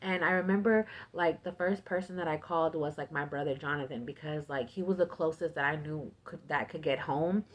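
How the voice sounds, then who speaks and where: Woman vlogger, lower voice, animated storytime full of fillers. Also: a little fast, few pauses. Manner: filler-heavy, animated retelling with "like". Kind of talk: casual storytime vlog.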